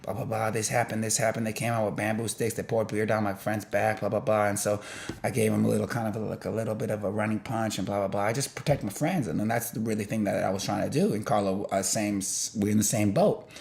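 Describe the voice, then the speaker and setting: Rambling young man, slightly low voice. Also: fast, gravelly. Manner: rambling, peppered with "blah blah" and "boom"; animated, jumps in loudness while retelling. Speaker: vlogger. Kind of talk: casual rambling storytelling.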